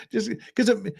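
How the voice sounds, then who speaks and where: A man's voice: high-pitched, creaky, a little mellow, slightly rough. A man hosting a legal commentary show, talking casually in a rambling way with restarts and chuckles. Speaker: host of a legal commentary channel.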